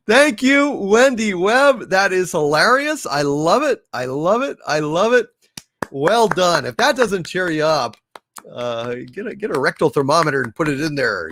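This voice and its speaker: A man's voice: on the high side, sing-song, a little slow, a bit bright, no room sound. A man hosting a casual livestream, thanking donors and telling jokes, with a hesitant delivery full of "uh"s. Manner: hesitant, many filler "uh"s, jokey. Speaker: livestream host.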